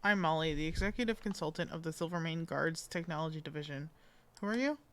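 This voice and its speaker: A woman's voice: deep voice, fast talker, a bit bright. A woman reading aloud the lines of a grumpy, overworked young female engineering consultant in a game, irritable and defensive.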